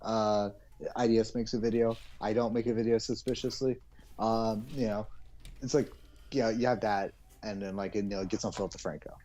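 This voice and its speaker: A man's voice: fairly low pitch, steady tone, moderate pace, dark tone. Rambling, joking young man. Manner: rambling, joking, swears, acts out silly cartoon voices. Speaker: co-host. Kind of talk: casual chat between friends.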